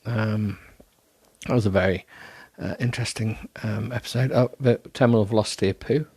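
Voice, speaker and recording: Tired, rambling low-voiced man. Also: steady tone, a little fast, a little mellow, breathy edge, no room sound. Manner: self-deprecating, rambling with many ums and restarts. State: tired, yawning. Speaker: solo podcast host. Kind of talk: rambling casual monologue.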